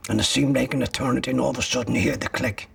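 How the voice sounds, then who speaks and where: A man's voice: medium pitch, steady tone, rapid-fire, vocal fry, husky, far from the mic. An older man being interviewed, telling a harsh personal story bluntly, with frequent swearing. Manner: blunt, profane, vivid storytelling. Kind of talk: recounting personal ordeal.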